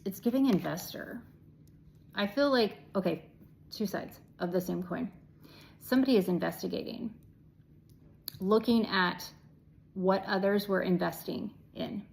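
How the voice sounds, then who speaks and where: Gravelly-voiced woman giving a tarot reading. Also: medium pitch, unhurried, pauses often, darkish tone, poor audio. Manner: chatty, affirming, swears casually, drops to whispers. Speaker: tarot reader. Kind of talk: casual tarot reading to camera.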